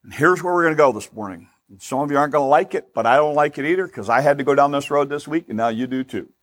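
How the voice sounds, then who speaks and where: A man's voice: fairly high pitch, fast talker. A male pastor preaching a sermon in an emphatic, conversational way, often repeating words for stress.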